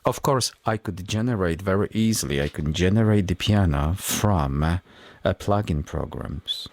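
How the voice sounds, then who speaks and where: A man hosting a music production tutorial, explaining each step in a measured, methodical way. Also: sits low, lively intonation, darkish tone, dry recording. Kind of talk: tutorial walkthrough.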